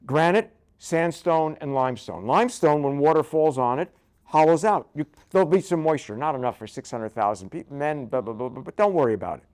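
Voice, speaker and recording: A man's voice: on the high side, expressive, fairly quick, a little mellow. An older man, a rabbi, giving a conversational Bible lecture full of jokes and asides, often checking in with "right?". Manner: joking, keeps asking "right?".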